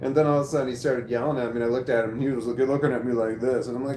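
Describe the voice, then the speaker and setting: Racing along with few pauses, a medium-pitched man runs a casual livestream, reading out chat and launching into animated stories full of laughter and swearing. The audio is roomy, with a faint layer of background noise.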